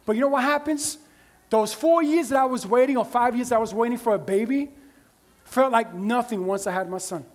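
A man preaching a sermon as pastor, in a conversational style with frequent "right?" asides to the congregation. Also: high voice.

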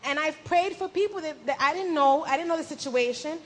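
A young woman giving an animated personal faith testimony at a church gathering, acting out her own past words and laughing at herself. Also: high voice, a little fast, slight background noise.

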